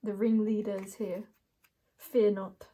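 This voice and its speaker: A woman's voice: mid-range voice, level tone, a little slow, warm tone, husky. A young woman doing a casual card reading, playful and rambling, laughing often as she talks to herself and the viewer. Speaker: tarot reader.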